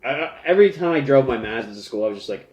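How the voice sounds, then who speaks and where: A man's voice: medium pitch, lively intonation, rapid-fire, dull audio, crowd noise. A young man co-hosting a podcast, telling rambling stories among friends and laughing often. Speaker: podcast co-host. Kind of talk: casual chat among friends. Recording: echoey room.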